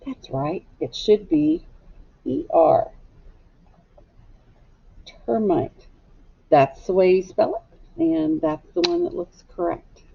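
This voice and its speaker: A woman's voice: medium pitch, very animated, a little slow, creaky, breathy edge. A woman teaching a phonics lesson to young children, patiently asking them to repeat words after her. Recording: slightly dull lo-fi recording.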